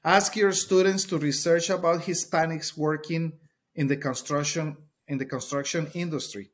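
A man's voice: on the high side, fairly even intonation, normal speed. A middle-aged man from Colombia, a Spanish speaker with a Colombian accent, talking earnestly as a teacher in an interview and often repeating words as he searches for them. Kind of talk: interview conversation.

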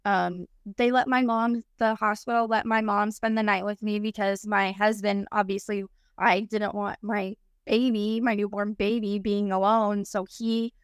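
A woman's voice: fairly high pitch, clean tone, no echo, clean studio sound. A woman in her thirties telling a personal story as a podcast guest, rambling and full of "like". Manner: rambling, heavy use of "like". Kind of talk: casual storytelling.

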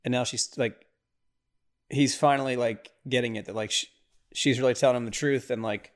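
Male podcast host, mid-pitched voice, chatty watch-along commentary, rambles and reacts with exasperated bursts. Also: steady tone, moderate pace.

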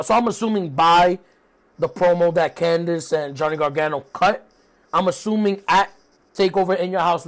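A young man giving a loose, profane review of a wrestling show, with plenty of fillers and asides. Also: high voice. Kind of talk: casual recap commentary.

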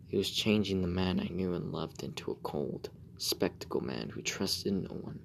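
A man reading a first-person horror story in a slow, hushed way that often drops to a whisper. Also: sits low, expressive, creaky, slight background noise, low-quality recording. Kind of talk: scripted horror narration.

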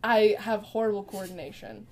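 A woman's voice: mid-range voice, fairly even intonation, moderate pace, a crowd in the background. A teenage girl co-hosting a podcast, telling a story in a casual, chatty way with lots of fillers and acted-out quotes. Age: teens. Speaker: podcast co-host. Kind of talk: casual chat.

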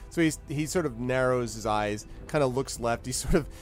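A man running a tabletop role-playing game as game master, narrating in a halting, rambling way. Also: medium pitch, faint music behind. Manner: rambling, halting, lots of fillers.

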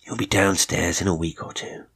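A man playing a smooth, smiling swindler. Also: deep voice, normal speed, a bit bright, exaggerated voice. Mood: smooth menace. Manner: smooth, smiling, falsely reassuring.

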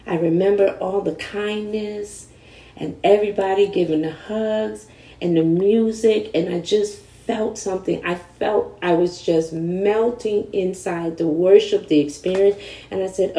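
A woman's voice: mid-range voice, a little slow, echoey room, distant mic, low-quality recording. A woman, a guest in a candid conversation, telling her story animatedly and acting out the people in it. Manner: animated, acts out quoted voices.

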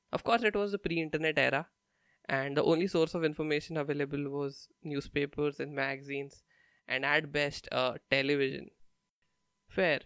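A man's voice: on the high side, creaky, a bit bright, smooth, no room sound, studio quality. A young man from India, a stand-up comedian telling stories in a blunt, profane, casual monologue.

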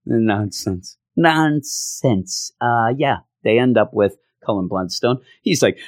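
A man's voice: on the low side, unhurried, a little mellow, no echo, clean studio sound. A man hosting a podcast, reviewing comic books in a casual, sarcastic way and acting out scenes in mock voices. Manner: sarcastic and exasperated. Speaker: podcast host.

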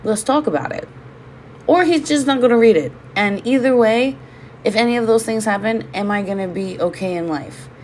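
A woman's voice: fairly high pitch, brisk, a little mellow, slight background noise. A woman from Hawaii, hosting a casual solo podcast from home, talking candidly, swearing freely and drifting into side rants. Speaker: podcast host.

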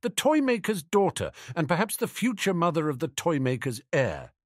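A man's voice: a little high, huge pitch swings, normal speed, dry recording, studio quality, voice pushed up. A man voicing an irritable, sarcastic male wizard schemer in a storybook reading. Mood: scheming. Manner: sarcastic, disdainful.

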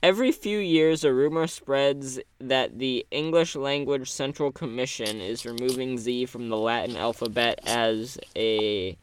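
A man's voice: medium pitch, a little slow, few pauses, clear, resonant tone. A young man chatting casually, reading out a news item and then ranting with playful mock outrage. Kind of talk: casual chat.

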